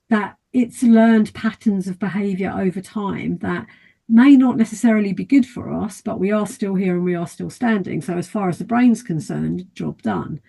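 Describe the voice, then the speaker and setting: Female therapist guest; low gravelly edge, calm and patient, podcast interview. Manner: calm, steady teaching tone; acts out quoted inner thoughts in brief asides. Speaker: life and mindset therapist, guest. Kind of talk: podcast interview, explaining at length.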